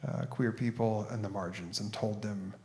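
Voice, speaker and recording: A man's voice: fairly low pitch, steady tone, moderate pace, a little mellow. A man giving a conference talk as an author and speaker, conversational and plain-spoken as he tells a story.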